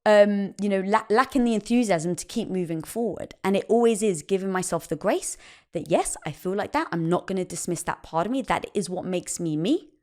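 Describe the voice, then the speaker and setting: A woman guest on a podcast, speaking with a lively, widely swinging pitch. She tells personal stories and acts out the quoted dialogue as she goes. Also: fairly quick. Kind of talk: casual conversation.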